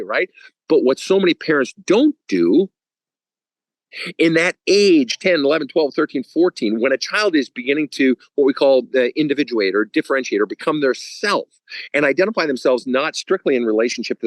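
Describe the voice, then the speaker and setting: A man talking as a counselor guest in a casual podcast chat. He is blunt and profane, and he acts out little scenes as he tells stories. The sound is dry and close, with no room echo. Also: mid-range voice. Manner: blunt and profane, animated storytelling.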